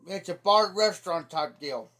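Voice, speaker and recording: The middle-aged Ohio livestreamer tells meandering, folksy stories in casual chat, his refrain of "I said" coming up again and again. His high voice sounds pushed and bright, and he keeps a moderate pace.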